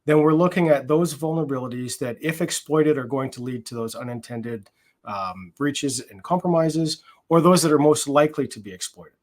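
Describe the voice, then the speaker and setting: A man's voice: fairly high pitch, normal speed. A man working in product security, explaining his approach in a conference conversation, with frequent fillers and restarts.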